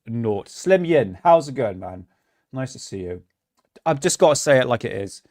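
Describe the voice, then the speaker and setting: A man's voice: mid-range voice, big pitch swings, normal speed, a little mellow, no room sound. Guy ranting on his livestream, blunt, swears a lot, dry close sound. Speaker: livestream host. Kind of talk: casual livestream commentary.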